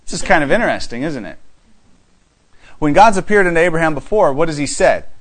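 A man's voice: a little high, expressive, a little fast, low-quality recording. A man teaching a conversational Bible study, reading scripture aloud and asking his listeners rhetorical questions. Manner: asks rhetorical questions and restarts often; reads scripture aloud in archaic wording.

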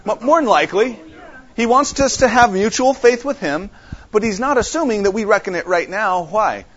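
A man teaches an interactive Bible study, repeating his main points, checking in with listeners, and halting often to restart his sentences. His voice sits high, with lively intonation and a fairly bright tone. The recording is dull and lo-fi.

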